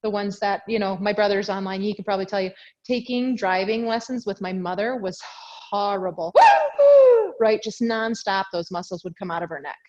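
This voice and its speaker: Her medium-pitched voice is steady in tone and a little fast, though the audio is dull. This yoga instructor teaches over a video call mic, chatting, self-correcting and a touch out of breath while doing the moves with her class.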